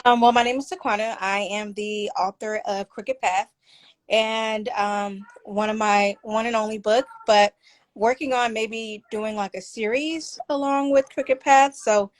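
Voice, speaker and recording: Soft-spoken woman author, hesitant. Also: fairly high pitch, steady tone, measured pace. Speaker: author and therapist. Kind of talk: casual interview. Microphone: video call.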